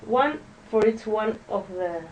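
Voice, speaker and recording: Speaking haltingly at a medium pitch, a woman teaches an English pronunciation lesson to a classroom, drilling words while the class repeats after her. She stays animated and checks in with "okay?" The audio is dull, recorded on a distant mic with faint background noise.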